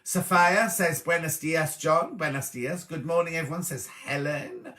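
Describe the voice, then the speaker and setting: Middle-aged guy hosting a sewing livestream, bright voice, chatty, greets everyone by name. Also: a little high, unhurried. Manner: chatty and warm-hearted, greets viewers by name. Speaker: host of a live sewing show. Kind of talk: casual live-stream chat, reading out viewer comments.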